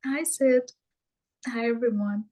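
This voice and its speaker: A woman's voice: fairly high pitch, fairly even intonation, slow, warm tone, low-quality recording. A woman sharing her experience in a group workshop, hesitant and full of ums and restarts. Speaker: workshop participant.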